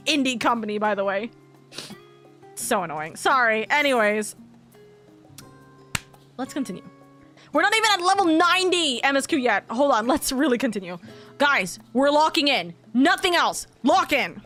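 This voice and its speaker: A woman game streamer in casual live-stream chatter, excitable and profane, laughing often. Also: fairly high pitch, normal speed, soft background music.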